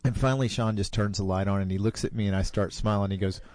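A man in his fifties telling a personal story in a relaxed, unhurried way. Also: fairly low pitch, dry recording. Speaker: storyteller guest.

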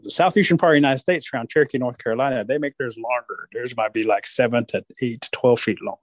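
A man's voice: medium pitch, fast talker, no echo. A man, telling folksy stories in casual conversation. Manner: folksy, with playful animal voices. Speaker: storyteller. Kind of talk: casual storytelling.

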